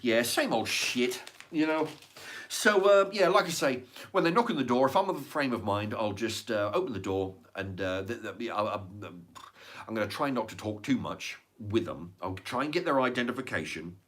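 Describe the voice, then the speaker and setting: Brief: a sweary man with mid pitch and a lively voice, rambling casually with frequent restarts. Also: moderate pace. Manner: blunt, sweary, repeats words and restarts. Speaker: vlogger.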